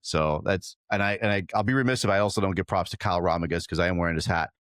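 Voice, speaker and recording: A man's voice: sits low, rapid-fire, fairly bright tone, no room sound, clean studio sound. A man hosting a podcast, speaking earnestly and easygoing about sharing fire training knowledge. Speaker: podcast host and fire instructor. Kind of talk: casual podcast chat.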